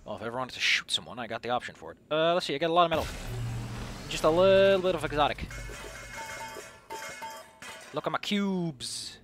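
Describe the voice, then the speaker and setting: A man's voice: on the high side, expressive, racing, a bit bright, faint music behind. A young man streaming a video game, rambling in sarcastic, casual commentary that is full of swearing. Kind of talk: casual let's-play commentary.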